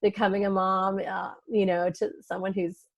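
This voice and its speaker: Woman author guest, reflective and earnest, mid pitch, dry recording. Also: level tone, moderate pace, vocal fry, no echo, dull audio. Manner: thoughtful and reflective. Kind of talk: casual conversation.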